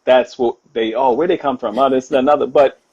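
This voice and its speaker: A man talking casually on a live stream as a guest author, animated and quick to laugh, often repeating himself. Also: mid-range voice, husky, highs cut off. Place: home. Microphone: phone or video call.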